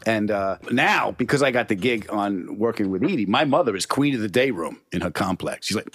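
A middle-aged man telling a funny story in a casual chat, punchy and animated. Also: fairly low pitch, fairly quick, few pauses, husky, dry recording, studio quality. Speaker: comedian guest.

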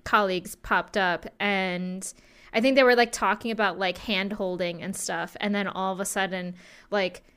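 Fields: Sex: woman. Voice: smooth. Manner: chatty, gushing. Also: medium pitch, steady tone, normal speed, fairly bright tone. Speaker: podcast co-host. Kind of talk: casual chat.

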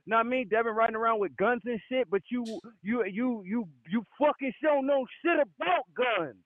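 A man's voice: extremely high pitch, moderate pace, no room sound. Fired-up man on a tinny line. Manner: insistent, swears a lot, cuts off rebuttals. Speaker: boxing podcast co-host. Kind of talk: heated debate, profane.

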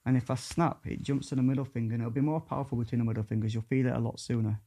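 A man, talking in a calm, coaxing way and guiding a mind-reading trick on a podcast. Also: racing. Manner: calm, coaxing, drops to a soft low voice while guiding the trick. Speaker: mentalist guest. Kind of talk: casual chat.

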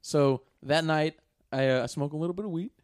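A man's voice: fairly high pitch, fairly quick, clear, resonant tone. A man telling a rambling story in casual podcast chat, swearing often and filling with "like". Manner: rambling, profane, lots of fillers.

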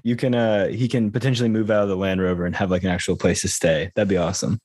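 A man's voice: low-pitched, fairly even intonation, fast, a little mellow, no echo, studio quality. A man hosting a podcast in an upbeat, easygoing way. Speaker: podcast host. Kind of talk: casual chat.

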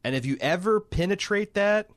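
A man's voice: high-pitched, lively intonation, moderate pace, no echo, studio quality. A man co-hosting a podcast, talking casually with lots of restarts and swearing. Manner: rambling, profane, many restarts. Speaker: podcast co-host. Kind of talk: casual chat.

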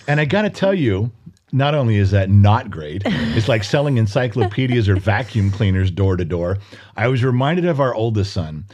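A man's voice: lowish voice, big pitch swings, normal speed, darkish tone, muffled recording. A middle-aged man co-hosting a podcast, chatting casually and acting out quoted family members as he tells stories. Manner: storytelling, acts out quoted voices. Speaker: podcast co-host. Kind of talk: casual chat.

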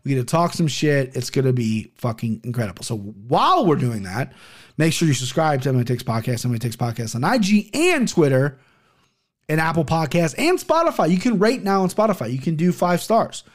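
Male podcast host, fairly high voice, loose and profane, trips over names as he rambles. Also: big pitch swings, a little fast. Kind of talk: casual solo podcast chat.

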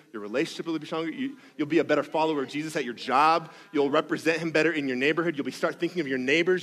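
A man's voice: on the high side, a bit bright. A man preaching a sermon as pastor, conversational and emphatic, with self-deprecating asides and rhythmic repetitions.

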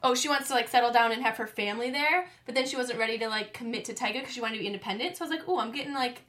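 Giggly high-voiced woman co-host. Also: rapid-fire, fairly bright tone. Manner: giggly, rambling. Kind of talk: casual panel chat. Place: studio.

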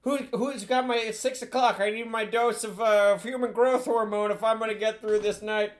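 A high-pitched old politician who rambles in folksy boasts and keeps stalling and restarting mid-sentence, as a man puts him on. he sounds like a doddering elder statesman in a comedy sketch. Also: steady tone, normal speed, close to an everyday voice. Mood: rambling.

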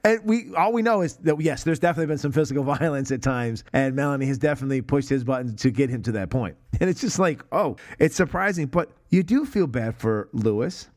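A man's voice: mid-range voice, fairly quick, hardly any pauses. A man in the middle of his range talks films on a podcast, gushing and cursing as he goes. He keeps jumping into little acted-out quotes from the scenes he loves. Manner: excited, profane, acts out movie quotes. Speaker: podcast host. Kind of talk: casual film discussion.

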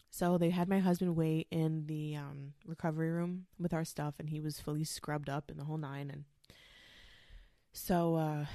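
A young woman telling a story in a casual, blunt and profane way, exasperated, with hushed asides. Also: low voice, dry recording, clean studio sound. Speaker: storyteller recounting her childbirth.

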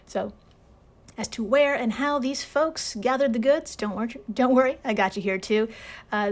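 Chatty, laughing woman podcast host. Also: a little high. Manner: chatty and irreverent, swears and laughs often. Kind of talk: casual podcast narration.

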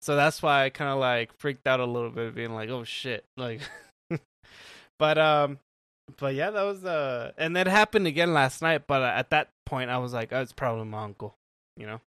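A man's voice: mid-range voice, moderate pace, fairly bright tone, clear, resonant tone, no room sound. A young man telling a story on a casual podcast chat, rambling with lots of "like" fillers and frequent laughs. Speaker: podcast co-host.

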